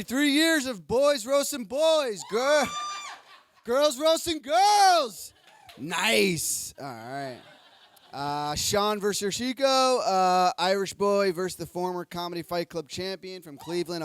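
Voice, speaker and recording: A man rattling through roast battle results on a comedy club stage, joking crudely about each fighter and breaking into sudden shouts. His voice sits fairly high. The delivery is loose, rowdy and self-mocking. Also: a little slow, smooth. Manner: crude, excitable, jokey, swings into shouts. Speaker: comedy show bishop recapping fights. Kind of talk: rowdy comic recap.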